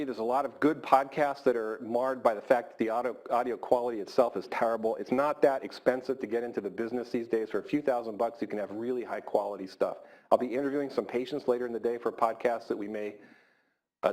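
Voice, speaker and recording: A man's voice: medium pitch, darkish tone. A middle-aged man, a surgeon, giving an informal grand rounds lecture in a hall, repeating words for emphasis. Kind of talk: conversational lecture.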